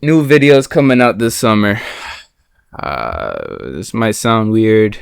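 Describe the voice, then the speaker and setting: A young man telling a personal story on his vlog, animated and swearing, bursting into shouts. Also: on the low side, slow, gravelly, smooth. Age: young adult. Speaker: vlogger.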